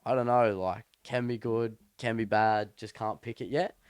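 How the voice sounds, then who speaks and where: Guy playing a chill old farmer, aussie drawl, nothing fazes him, smooth voice. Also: on the low side, steady tone, normal speed, no echo, clean studio sound, natural voice. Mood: shrugging. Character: calm old male farmer, unbothered sage.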